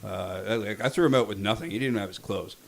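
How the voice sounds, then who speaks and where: A man's voice: lowish voice, fast talker, vocal fry. A man on a podcast telling a crude story in casual chat, swearing often.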